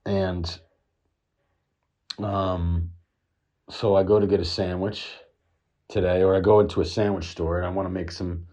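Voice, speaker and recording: A man's voice: deep voice, flat delivery, measured pace, long pauses, warm tone. A middle-aged man from the United States telling a rambling, casual story full of fillers and swearing. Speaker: vlogger.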